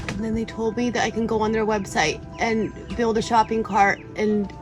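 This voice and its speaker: Woman, vlogger, casual talk to camera, chatty, emotional, frequent laughs and gasps, outdoors by a truck, faint background music. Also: mid-range voice. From California. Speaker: vlogger living out of her vehicle. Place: in and around her truck, outdoors.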